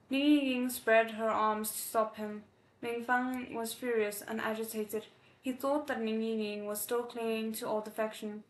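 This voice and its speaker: A woman reading a novel aloud live, expressive, with emotional asides between passages. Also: fairly high pitch, measured pace. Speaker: audiobook reader. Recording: echoey room.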